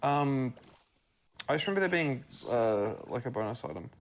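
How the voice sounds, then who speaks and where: A man's voice: mid-range voice, animated, moderate pace, rough recording. Rambling man chatting on a voice call. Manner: rambling, filler-heavy storytelling. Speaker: map builder guiding a playthrough. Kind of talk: casual gaming chat.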